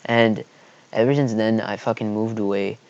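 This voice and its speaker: A man's voice: lowish voice, fairly even intonation, normal speed, a little mellow, smooth, lo-fi sound. A man telling a storytime vlog, rambling and swearing heatedly as he recounts a school fight. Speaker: vlogger.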